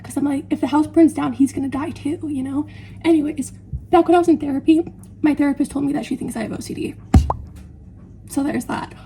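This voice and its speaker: A woman's voice: high voice, mellow, slight background noise. A young woman in her twenties chatting casually in her home kitchen while she bakes, rambling and laughing at herself. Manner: rambling, self-deprecating, laughs often. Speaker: vlogger. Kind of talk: casual chatty baking vlog.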